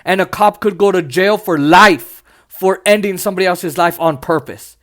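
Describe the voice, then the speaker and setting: A man's voice: high voice, moderate pace, a bit bright. A man hosting a solo podcast, talking bluntly and with passion, breaking into mocking asides. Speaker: podcast host.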